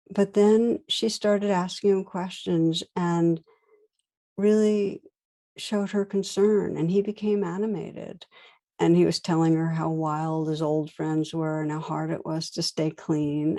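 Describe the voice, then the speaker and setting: A woman meditation teacher with a lowish voice gives a dharma talk, telling stories gently and without hurry, with soft pauses.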